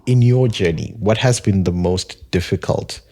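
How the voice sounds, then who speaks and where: A man's voice: low voice, unhurried, dark tone. A man hosting a podcast, chatting in an easygoing way and laughing a lot. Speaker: podcast host. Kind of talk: casual interview chat.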